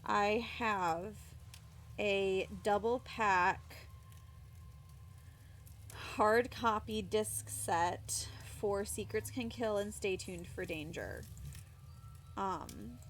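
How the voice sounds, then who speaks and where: Slow-talking giggly woman streamer. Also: mid-range voice, animated. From United States. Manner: giggly, tired and chatty, talking to chat. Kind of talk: casual live-stream chat.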